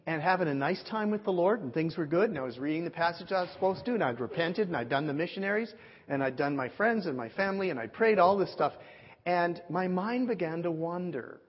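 A man preaching and telling stories, acting out the dialogue with lively shifts. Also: high voice, a little fast. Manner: animated storyteller, acts out dialogue. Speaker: pastor. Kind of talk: sermon storytelling. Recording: muffled sound with long hall reverb.

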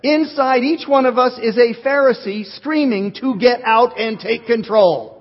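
A male pastor preaching an animated sermon, joking with his congregation. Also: extremely high pitch, measured pace, hardly any pauses. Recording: dull recording in a reverberant hall.

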